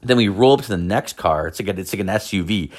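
Man, deep voice, rambling, profane, casual storytelling, quotes people in voices. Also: animated, fast. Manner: rambling, swears constantly, acts out quoted voices.

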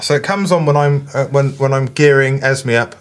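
A man in his late thirties from England, hosting a casual podcast chat and rambling excitably. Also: medium pitch, normal speed. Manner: rambling, excitable, swears freely. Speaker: podcast host.

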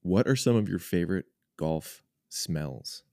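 A man co-hosts a relaxed podcast and puts easygoing questions to his guest. His voice is low and mellow, and it is recorded dry and close, with no room sound. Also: unhurried, no room sound. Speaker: podcast co-host. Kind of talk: casual interview chat.

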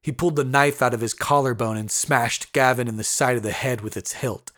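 A man's voice: mid-range voice, fairly even intonation, a little fast, fairly bright tone, dry recording, clean studio sound. A man narrating a scripted horror story with tense, building intensity.

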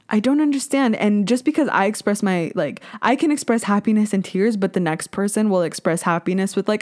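A young woman hosting a solo podcast, talking in a blunt, casual, animated rant with plenty of swearing. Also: medium pitch. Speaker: podcast host.

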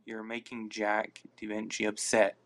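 Male podcast host, unhurried casual rambler, reads and answers chat on a phone mic. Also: lowish voice, completely flat delivery. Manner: rambling, reacts to listener comments aloud.

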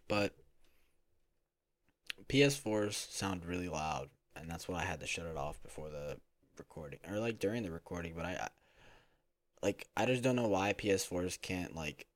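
A man's voice: low voice, no echo. A young man hosting his first home podcast in casual solo chat, rambling and self-conscious with lots of fillers and restarts. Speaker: podcast host. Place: home room. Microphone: home recording mic.

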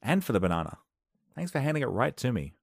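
A man's voice: mid-range voice, very animated, fast talker, vocal fry, breathy edge, no echo, clean studio sound, pitched above the performer's own voice, heavily acted. A man voicing a laid-back male orangutan who talks like an easygoing surfer dude. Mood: smug.

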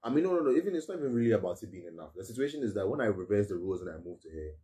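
A man's voice: fairly low pitch, sing-song, dark tone, distant mic. A man, chatting casually as a podcast co-host and restarting his sentences often. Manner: talks fast with many restarts and fillers. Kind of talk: casual chat.

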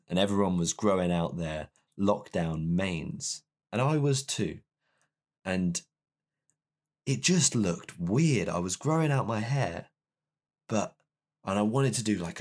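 A young man with a low, deep voice tells a personal story to camera. His delivery is candid and self-deprecating, and he rambles as he speaks. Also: a little mellow.

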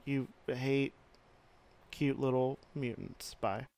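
A man hosting a podcast, giving a rambling, self-deprecating casual intro with halting restarts. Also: medium pitch, gravelly, darkish tone. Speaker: podcast host.

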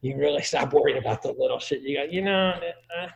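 Crude joking middle-aged man, gravelly. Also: medium pitch, quick pace, muffled recording, a crowd in the background. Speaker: guest giving parenting advice. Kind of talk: casual conversation.

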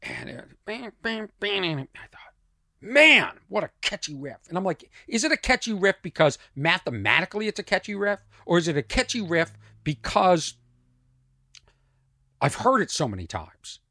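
A middle-aged man with a strained voice, a comedian telling a rambling story on his podcast, dropping to mutters and rising loud again. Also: sits high, moderate pace, gravelly, no echo, studio quality. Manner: animated, swings from muttering to loud. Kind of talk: casual storytelling monologue.

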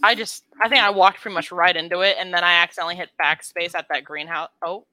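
An excitable woman with a bright, forceful voice chats casually through a horror game, swearing freely. She talks like a podcast co-host reacting to every scare. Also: on the low side, fast talker. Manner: excitable, swears freely, yells when chased. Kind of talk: casual gameplay chat.

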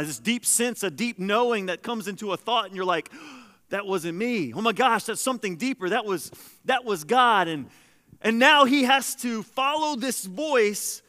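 A man preaching a sermon as pastor, shifting between hushed lines and loud, emphatic ones. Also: high-pitched, big-room sound. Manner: animated preaching, swings between soft and loud.

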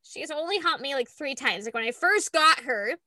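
A woman's voice: high-pitched, a little fast, no echo, studio quality. A young woman telling stories in a casual chat, acting out voices and laughing often. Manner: animated storytelling, acts out voices, laughs a lot, swears.

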